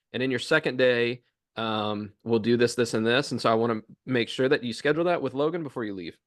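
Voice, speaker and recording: A man's voice: medium pitch, a bit bright. A young man co-hosting a podcast, talking casually about his chiropractic office routine, full of "um" and "like" and acting out office dialogue. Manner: rambling, filler-heavy, acts out office dialogue.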